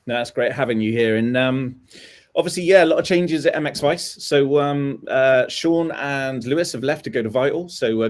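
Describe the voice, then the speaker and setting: A man in the host's chair, keeping a loose, chatty flow going and filling pauses with "um" and "uh". His voice sits at an ordinary middle pitch. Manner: relaxed, chatty, with many fillers. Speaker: host. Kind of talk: live show hosting chat.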